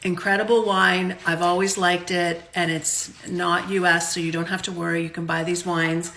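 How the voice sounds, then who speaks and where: Chatty woman with a bright voice. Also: lowish voice, level tone, moderate pace, a little hiss or hum. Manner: chatty, unscripted, self-deprecating. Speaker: home vlogger reviewing wines. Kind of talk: casual chat. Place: home kitchen.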